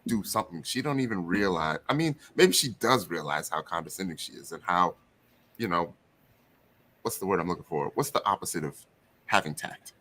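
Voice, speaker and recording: A man on a review panel, talking casually and pausing to find his words. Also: sits low, lively intonation, fairly bright tone, a little hiss or hum. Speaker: panel guest. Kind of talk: casual live review chat.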